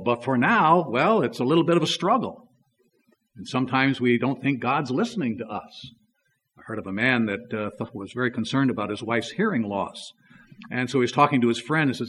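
A man's voice: medium pitch, fairly bright tone. A man preaching a sermon in an easygoing, conversational way, telling a story and reading scripture with plenty of fillers.

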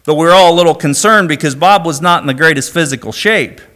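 Middle-aged male preacher from Indiana; bright, forceful sermon voice pitched a bit high, mixing scripture with wry storytelling. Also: quick pace. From Indiana, USA. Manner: reads scripture, then tells a personal story with dry humor.

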